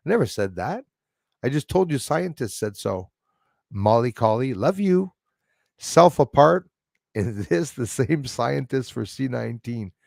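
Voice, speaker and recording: A man's voice: mid-range voice, sing-song, a little slow, vocal fry, a little mellow, no room sound, clean studio sound. A man hosting a live stream, reading viewer comments aloud and rambling in casual, loose chat, laughing often and trailing off mid-thought. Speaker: livestream host reading chat.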